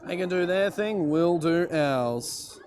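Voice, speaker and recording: A man's voice: high voice, lively intonation, slow, darkish tone, slight background noise. A man live streaming from an outdoor airshow, chatting casually and jokily with lots of fillers. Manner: rambling, joking, lots of fillers.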